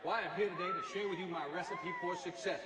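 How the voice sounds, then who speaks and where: Heard from a distance in an echoey hall with a noisy background, a middle-aged man gives a motivational speech full of energetic, joke-filled stories. He speaks fast in a high-sitting voice.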